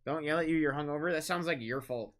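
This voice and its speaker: A man hosting a live-streamed trading card break, rattling off pulled cards, shouting out big hits and bantering with chat. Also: a little high. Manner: rapid-fire calling of card names, shouting big hits; chatty, teasing banter with chat.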